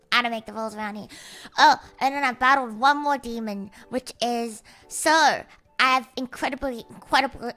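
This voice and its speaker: A woman's voice: on the high side, moderate pace, bright, forceful tone. A young woman chatting casually on a livestream, rambling, swearing freely and joking with her viewers.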